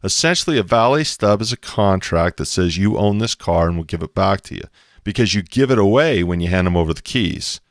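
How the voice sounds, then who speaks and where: A man with a very low, deep voice talks emphatically on a podcast. He acts out quoted back-and-forth exchanges as he explains. The sound is dry and close, with no room echo. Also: animated, fairly quick. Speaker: co-host explaining investing. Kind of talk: animated podcast talk.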